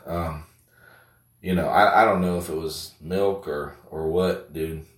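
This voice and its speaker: A man's voice: low-pitched, fairly even intonation, a little slow. A man hosting a casual comedic show, rambling with lots of fillers and heavy swearing. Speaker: show host. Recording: roomy echo, distant mic.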